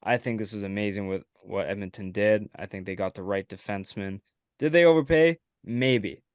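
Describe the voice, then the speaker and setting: A man's voice: fairly low pitch, moderate pace, smooth, dry recording, clean studio sound. A man hosting a casual sports podcast, laughing often and agreeing easily. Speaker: podcast host.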